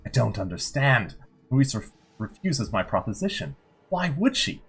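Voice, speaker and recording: A man reading aloud the diary of an obsessive vampire, in a low, deliberate voice. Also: sing-song, fairly bright tone, breathy edge, full character voice.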